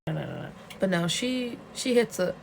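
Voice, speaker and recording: A woman vlogger in a casual, excitable rant, retelling a webcomic plot with plenty of swearing and outbursts. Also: medium pitch, normal speed, gravelly, slight background noise. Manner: excitable and profane, storytelling with gasps and outbursts.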